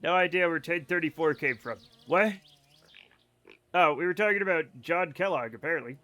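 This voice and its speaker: A man streaming a game live, chatting casually to his viewers in a rambling, self-mocking way with sudden excited outbursts. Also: fairly high pitch, normal speed. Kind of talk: casual gameplay commentary to chat.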